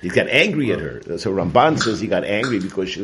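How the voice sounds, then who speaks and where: Man, low voice, Torah class teacher, earnest, restarts sentences, noisy recording. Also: expressive, fairly quick, few pauses. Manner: earnest, explanatory, restarts and repeats words. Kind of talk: weekly Torah portion class.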